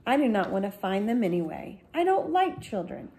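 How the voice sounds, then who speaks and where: A woman's voice: mid-range voice, very animated, moderate pace, a little mellow. A woman voicing a cold baker's wife from a storybook who speaks curtly and dislikes children. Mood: sour. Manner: curt, sour.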